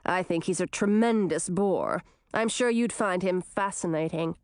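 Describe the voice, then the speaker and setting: A woman's voice: on the low side, very animated, measured pace, a little mellow, smooth, dry recording. A woman voicing a haughty, bossy teenage princess who talks down to her sister. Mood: condescending. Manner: condescending, chattering.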